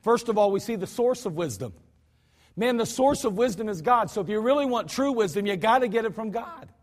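In an archived church service full of long hall reverb, a pastor with a high, expressive voice preaches a little fast in the sanctuary. His style is folksy and emphatic, with plenty of repetition.

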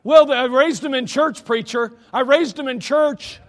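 Man playing a whiny exasperated church parent, high, loud, echoing hall. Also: a little slow.

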